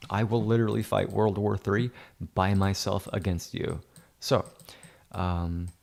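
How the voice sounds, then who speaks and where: A man's voice: fairly low pitch, creaky, a little mellow. A man hosting a photo-editing livestream, talking in a rambling, mock-grandiose and sarcastic way, with keyboard clicks behind him. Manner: mock-grandiose, sarcastic, insulting viewers in jest.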